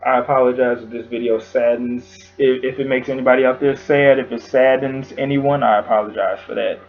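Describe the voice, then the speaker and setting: A man giving an emotional tribute in his vlog, talking haltingly with long pauses, sighs and fillers, close to tears. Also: medium pitch, steady tone, muffled recording, soft background music. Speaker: vlogger.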